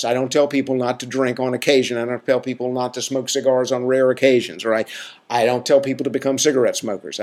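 A middle-aged man hosting a podcast, talking in a folksy, emphatic and preachy way. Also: medium pitch. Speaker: podcast host. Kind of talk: casual monologue.

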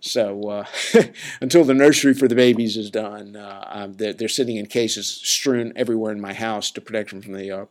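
A man's voice: lowish voice, steady tone, moderate pace. A man hosting a podcast, telling stories in a chatty, laid-back way with lots of fillers and restarts. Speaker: podcast host. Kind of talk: casual rambling storytelling.

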